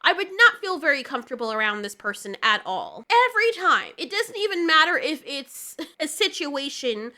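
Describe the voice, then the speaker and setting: A high, bright woman's voice with a sharp edge. She reviews in a loose, off-the-cuff way, blunt and sarcastic, and she does not hold back on swearing. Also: big pitch swings, normal speed, hardly any pauses. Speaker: video commentator. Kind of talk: casual reaction commentary.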